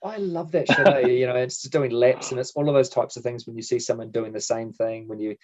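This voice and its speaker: A man's voice: medium pitch, fairly even intonation, brisk, a little mellow. A man co-hosting a podcast, chatting in a reflective way, swearing casually and trailing off mid-thought. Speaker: podcast co-host.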